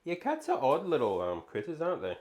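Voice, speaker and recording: A woman's voice: sits low, huge pitch swings, fairly quick, a little mellow. A woman co-hosting a casual cooking stream, talking hesitantly with fillers and restarts. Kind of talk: casual chat.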